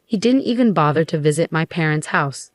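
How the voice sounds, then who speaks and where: A woman narrating a first-person story in an even, measured way. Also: deep voice, no room sound.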